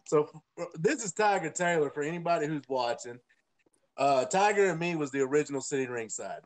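A man co-hosts a casual chat, telling a story in a loose, profane, laughing way. His voice sits high and moves a lot, rising and dropping through each line. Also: animated, fairly quick. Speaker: podcast co-host.

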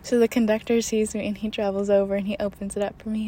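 A young woman recounts a trip in a chatty, animated storytelling voice at a middling pitch. She laughs often and acts out the lines of people she met. Faint noise hums underneath. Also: quick pace. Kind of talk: casual spoken storytelling.

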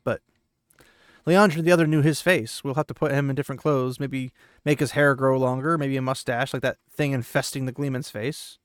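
A man's voice: medium pitch, fairly even intonation, normal speed, clean tone, no echo, studio quality. A man hosting a podcast, casually retelling a book chapter with chatty asides. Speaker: podcast host.

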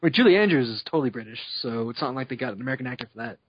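A man's voice: mid-range voice, expressive, rapid-fire, breathy edge. A man co-hosting a casual podcast chat, rambling and laughing at his own points. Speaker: podcast co-host. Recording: dry dull lo-fi sound.

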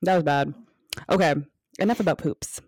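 A woman's voice: low voice, normal speed, a little mellow, no room sound. Young female podcast co-host, playful crude banter, dry close mic. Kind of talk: casual chat.

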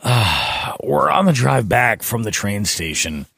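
A man's voice: fairly low pitch, slow pace, gravelly, slightly rough, no room sound, clean studio sound. A middle-aged man co-hosting a podcast, rambling casually through a story. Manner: relaxed, rambling, easy agreement. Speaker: podcast co-host. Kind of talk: casual chat.

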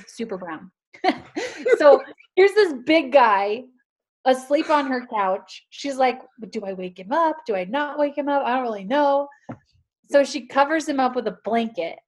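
A woman, a guest on a talk show, telling a story in a casual, animated way and laughing often. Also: on the high side.

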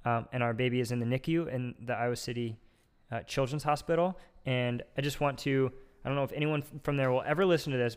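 A man's voice: mid-range voice, clear, resonant tone. A young man, a podcast host, telling a long story casually with lots of filler words.

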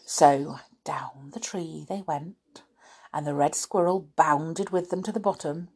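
A woman reading a children's storybook aloud, unhurried, breaking off for chatty asides to her listeners. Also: sits low, darkish tone, slightly rough.

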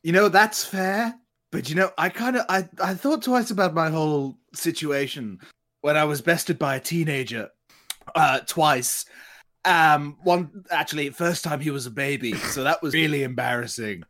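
Voldemort, rambling dark lord, as a man plays him. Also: a little high, moderate pace, lightly acted. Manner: rambling, stammering restarts. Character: reformed dark lord wizard, male adult, awkward, rambling. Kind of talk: tabletop role-play in character.

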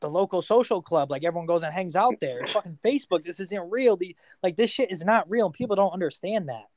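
Male podcast co-host, blunt and profane, a bit high-pitched, dry sound. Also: expressive, quick pace, darkish tone, no echo. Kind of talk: casual chat.

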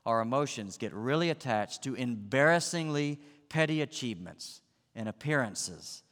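Pastor, man; dramatic sermon delivery, low-pitched, recorded in a reverberant sanctuary. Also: fairly bright tone. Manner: dramatic, acts out the voices of the story.

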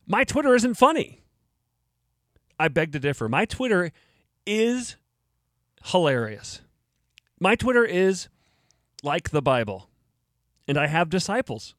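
A man's voice: sits high, very animated, slow pace, pauses often, fairly bright tone, no echo, studio quality. A man hosting his own podcast, joking and mock-indignant, laughing at his own jokes. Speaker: podcast host. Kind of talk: casual solo podcast talk.

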